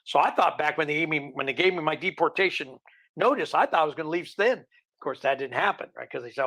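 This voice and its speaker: A middle-aged man spins a wry, rambling anecdote in a casual tone. His voice sits a little high and carries a gravelly fry. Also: expressive, fast, pushed and bright. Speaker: guest. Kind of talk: casual storytelling.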